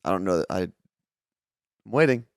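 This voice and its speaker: A man's voice: low voice, expressive, normal speed, creaky, dry recording, clean studio sound. A man co-hosting a casual show, teasing his co-host with wry remarks. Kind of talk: casual chat.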